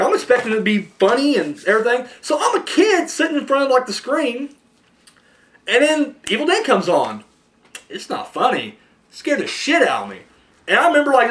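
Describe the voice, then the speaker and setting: A young man hosting a casual movie podcast, rambling and profane, acting out little scenes as he talks. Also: sits high. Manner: rambling, profane, animated storytelling. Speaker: podcast host. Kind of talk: casual chat.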